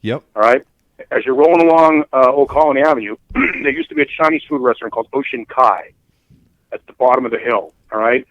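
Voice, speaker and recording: A man with a Boston accent, a radio DJ telling profane, wry stories of his old neighborhood. His voice sits at an ordinary middle pitch, recorded close and dry on a studio microphone. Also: sing-song, fairly quick, a bit bright, no echo, highs cut off. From South Boston, Massachusetts. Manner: profane, sardonic storytelling. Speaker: radio DJ guest. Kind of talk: casual podcast chat.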